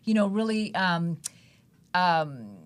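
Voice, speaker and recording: A woman's voice: fairly low pitch, slow pace. A woman co-author on a talk show, telling personal stories with animation. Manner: animated anecdotal storytelling.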